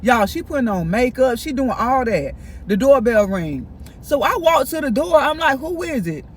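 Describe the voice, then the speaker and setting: A man chatting in a casual storytime vlog, animated and gossipy, talking straight to his viewers. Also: very high voice, normal speed. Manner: animated, gossipy, keeps addressing viewers directly. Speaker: vlogger. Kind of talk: casual storytime while eating.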